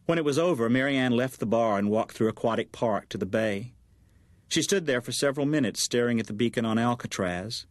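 A man narrating a story in a measured, even reading voice. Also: on the low side, no room sound. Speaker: audiobook narrator. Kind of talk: scripted narration.

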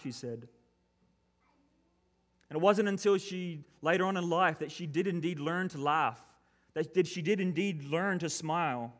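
A pastor delivering a sermon, reading scripture and then preaching in an earnest, measured way. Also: male voice, on the high side.

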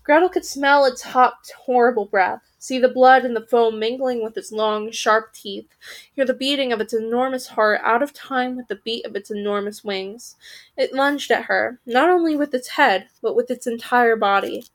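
A woman with a slightly high voice reads a storybook aloud for her podcast. She keeps the telling lively and now and then trips over a word, corrects it and goes on. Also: normal speed. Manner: lively, occasionally stumbling and correcting herself. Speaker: podcast reader.

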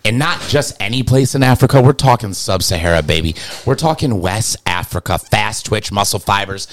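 A man's voice: fairly low pitch, lively intonation, moderate pace, slight background noise. A man co-hosting a casual podcast, joking and riffing in slangy talk. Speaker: podcast co-host. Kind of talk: casual chat.

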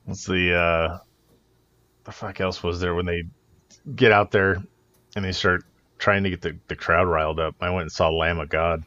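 Podcast co-host, male, low voice, foul-mouthed laughing storyteller, dull lo-fi sound. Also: fairly even intonation, unhurried, pauses often, bright, forceful tone, dry recording. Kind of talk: casual chat. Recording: muffled lo-fi podcast audio.

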